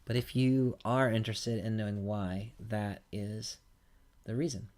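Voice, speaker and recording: A man's voice: on the low side, steady tone, a little slow, a little mellow. A man teaching a recorded language lesson, patiently walking through examples one at a time. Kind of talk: recorded lecture.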